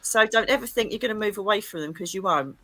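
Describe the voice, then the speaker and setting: A middle-aged woman, a psychic medium, talking in a chatty, animated way full of exclamations on a livestream. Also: medium pitch, quick pace. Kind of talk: casual livestream chat.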